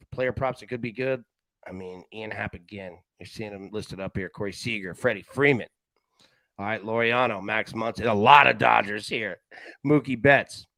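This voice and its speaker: Man, sports betting host, excitable, slangy, stammers and restarts, mid-pitched, dry close sound. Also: no echo, rough recording. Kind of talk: casual live-show commentary.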